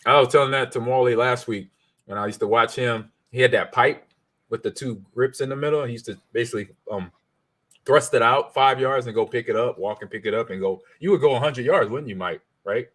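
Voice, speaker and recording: A man's voice: mid-range voice, a bit bright. A man hosting a podcast, chatty and easygoing in casual conversation. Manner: easygoing, chatty, quick to agree. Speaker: podcast host.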